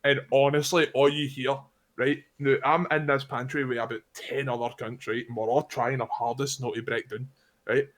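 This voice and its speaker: A man's voice: medium pitch, level tone, moderate pace, a bit bright. A young Scottish man on a podcast, telling a rowdy anecdote in casual, sweary chat and laughing along the way. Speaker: podcast co-host.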